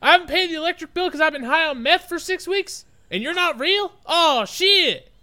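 A man voicing a confused man on meth, with a put-on drawl, rambling in a high, lively voice. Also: normal speed, full character voice. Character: dim-witted Southern man on meth, middle-aged.

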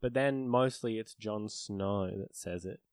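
A young man co-hosting a casual podcast, explaining things with wry, deadpan corrections. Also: fairly low pitch, unhurried, no echo. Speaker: podcast co-host.

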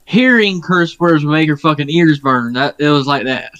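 A man on a casual podcast, telling a story with many pauses and filler words and swearing freely. His voice sits a bit high for a man and sounds close and dry. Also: expressive, fairly bright tone, no room sound, muffled recording. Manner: rambling, profane, hesitant with many fillers. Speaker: podcast co-host.

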